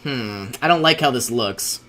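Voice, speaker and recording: A man's voice: medium pitch, lively intonation, measured pace, pushed and bright. A young man giving casual commentary over his own strategy game, thinking aloud, often exasperated and laughing. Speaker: let's play host.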